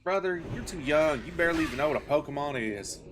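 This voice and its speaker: A man doing a rough impression of a menacing, grandiose masked male movie villain, with slow theatrical declarations. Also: fairly high pitch, animated, noisy background, lightly acted. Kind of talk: mock impression during a game stream.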